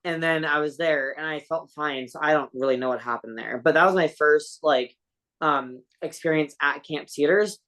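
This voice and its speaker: A woman's voice: sits low, normal speed, a bit bright. A woman guest on a podcast telling a personal story in a rambling, casual way, full of "like" and fillers, swearing offhandedly.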